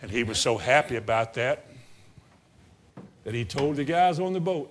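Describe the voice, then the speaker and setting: A man preaching a sermon, swinging from loud outbursts to low murmurs and acting out Bible scenes. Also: expressive, moderate pace, slightly rough. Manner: acts out Bible scenes in character voices.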